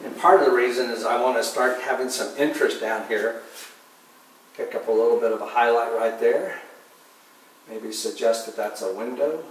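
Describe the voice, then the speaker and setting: A man giving a relaxed painting demonstration, talking softly and unhurriedly, often trailing off quietly as he works. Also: medium pitch, moderate pace, a little hiss or hum. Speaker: painting instructor. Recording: distant mic in an echoey room with faint ambience.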